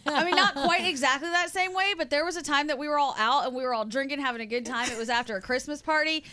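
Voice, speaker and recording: A woman co-host on a radio podcast, chatting casually and reacting quickly with laughs. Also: high-pitched, sharp tone. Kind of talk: casual radio show chat.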